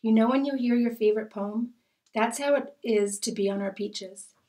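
A woman's voice: a little high, moderate pace, dark tone, close to an everyday voice. A woman reading the part of a loving, nostalgic grandmother who tells her island memories unhurriedly. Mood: fond.

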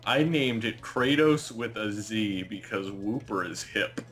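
A man's voice: fairly low pitch, fairly even intonation, unhurried, fairly bright tone, soft background music. A man co-hosting a let's play, chatting hesitantly with lots of ums and giggling. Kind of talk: casual gaming commentary.

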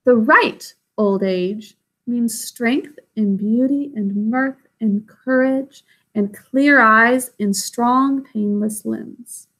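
A woman reading aloud, voicing a calm, ancient and wise great-grandmother who reassures a child. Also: fairly high pitch, extremely slow, heavily acted. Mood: tender. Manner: tender, reassuring.

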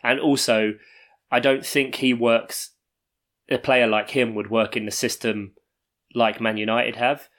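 A man's voice: mid-range voice, little pitch movement, unhurried, a bit bright. A man co-hosting a sports podcast in casual chat, joking and riffing on numbers. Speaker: podcast co-host.

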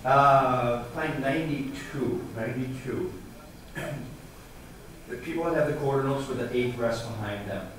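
A man's voice: mid-range voice, a little slow, a bit bright. Man coaching a band in an echoey hall. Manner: encouraging, sings rhythms aloud. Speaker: adjudicator coaching a student brass ensemble. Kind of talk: music clinic coaching. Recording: echoey hall, voice from far off, noisy.

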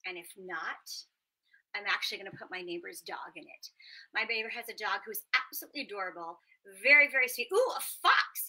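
A woman hosting an interactive children's storytime from her small apartment at home. She talks in an animated, playful way and makes sound effects along the way. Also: medium pitch, a little fast, rough recording. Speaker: children's show host and storyteller.

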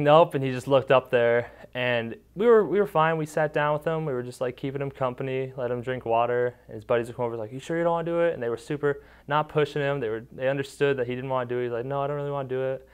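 A man's voice: medium pitch, fast, few pauses, clean tone. A young man casually recalling camp memories, with lots of "like" fillers, acting out the kids' quotes. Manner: relaxed storytelling, many "like" fillers, acts out kids' quotes. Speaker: interviewee, former camper and counselor. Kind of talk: casual recollection.

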